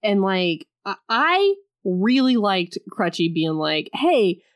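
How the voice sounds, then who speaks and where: A woman co-hosting a casual podcast, talking through a film in an animated, joking way. She talks at a middling pitch and laughs easily between points. She sounds relaxed and conversational throughout. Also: slow, smooth. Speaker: podcast co-host. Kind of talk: casual chat about a film.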